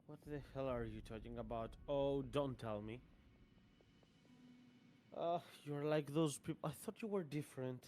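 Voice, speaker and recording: Game master playing proud male kinsman, stern, measured, mid voice. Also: mid-range voice, dark tone, a little hiss or hum, close to an everyday voice. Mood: stern lecturing. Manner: measured, lecturing. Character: proud male blood relative, stern and skeptical.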